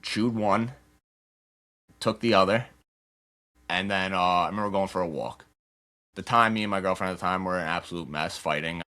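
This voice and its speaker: A young man in his twenties, a podcast guest telling a candid personal story in a loose, rapid way, acting out what others said. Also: sits low, pushed and bright. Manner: rapid, loose storytelling full of "like" and acted-out quotes.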